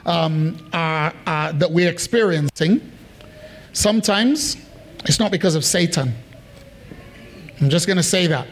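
A preacher delivers a sermon in a notably high voice for a man. He repeats phrases for emphasis and keeps checking in with the congregation, pressing each point home. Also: slight background noise. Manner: emphatic and repetitive, asks the congregation questions. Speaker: pastor.

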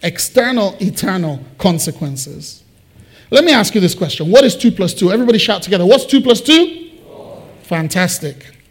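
A man preaching a sermon as pastor, asking the congregation questions and moving between loud emphasis and quiet personal confiding. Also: high voice, animated, brisk.

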